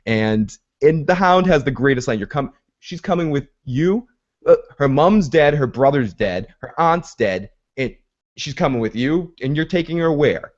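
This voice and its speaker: A man's voice: medium pitch, animated, moderate pace. Man animatedly acting out TV scenes. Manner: retells scenes by acting out characters' lines. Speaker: podcast host. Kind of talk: casual TV recap chat. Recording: dull lo-fi podcast audio.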